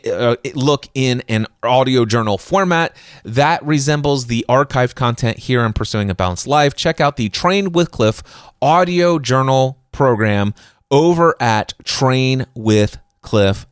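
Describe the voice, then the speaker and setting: Confident male podcast host, unhurried delivery, very dry studio sound. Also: medium pitch, lively intonation, clear, resonant tone, dry recording. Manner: confident, bold, conversational. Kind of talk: solo podcast talk.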